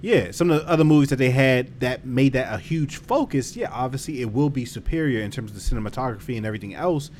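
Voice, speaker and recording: Easygoing man with a lively voice. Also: medium pitch, quick pace, hardly any pauses, slight background noise. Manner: easygoing, hedging, repeats words. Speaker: podcast co-host. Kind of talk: casual chat.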